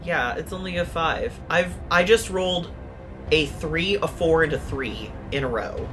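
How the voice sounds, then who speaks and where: A woman's voice: sits low, animated, unhurried, music in the background. A woman playing a tabletop game, describing her character's moves with wry, dry humor and the odd swear. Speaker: player.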